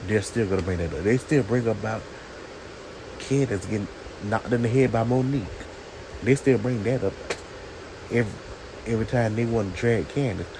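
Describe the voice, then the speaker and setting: Sassy man with a gravelly voice. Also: on the low side, moderate pace, pauses often, background noise. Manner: sassy, talks straight to viewers. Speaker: TV show reviewer. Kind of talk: casual opinionated rant.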